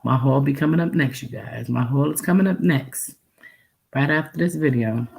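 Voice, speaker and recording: A woman's voice: very deep voice, normal speed, creaky, darkish tone. A woman hosting a casual livestream, with an accent that mixes Texan and New York speech. She laughs often and says phrases over and over. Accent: mix of Texan and New York. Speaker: livestream host reacting to a video.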